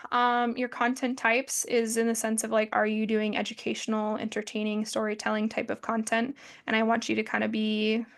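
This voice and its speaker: A woman in her twenties giving a casual, friendly presentation with lots of fillers. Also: fairly high pitch. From American Midwest family. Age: 20s. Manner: chatty, friendly, peppered with fillers. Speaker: social media presenter.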